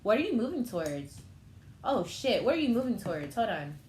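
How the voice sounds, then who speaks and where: A woman's voice: medium pitch, big pitch swings, brisk, a little mellow. Young female tarot reader, chatty and emotional, in an echoey room with faint ambient noise. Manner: emotional, chatty, thinking aloud. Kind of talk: casual tarot reading.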